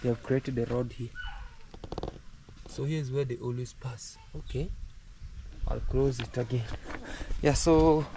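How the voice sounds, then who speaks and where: Guy filming his farm outside, rambly and repeats stuff, mellow voice, faint country sounds behind. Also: mid-range voice, steady tone, unhurried, pauses often, a little hiss or hum. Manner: rambling, repeats himself, many fillers. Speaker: vlogger showing his home farm. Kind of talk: casual walk-and-talk vlog. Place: outdoors on a rural home farm.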